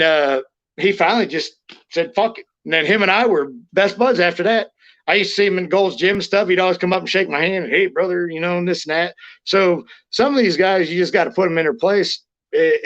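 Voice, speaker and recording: Male guest, high voice, brash and profane storyteller, dull lo-fi sound. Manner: blunt, swears constantly, acts out quotes loudly. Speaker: interview guest, former wrestler.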